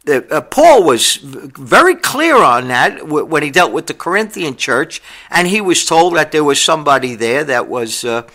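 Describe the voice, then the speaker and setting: An older man delivers a blunt, plain-spoken sermon as a pastor, his voice gravelly. The tone is bright and sits somewhat high for a man. He stumbles and restarts often as he talks. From New York.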